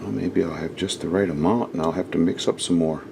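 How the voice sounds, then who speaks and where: A man's voice: low-pitched, steady tone, brisk, creaky, background noise. A man hosting a casual craft how-to, chatting and rambling with many ums and uhs as he works, his distance from the camera mic shifting as he moves. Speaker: craft channel host.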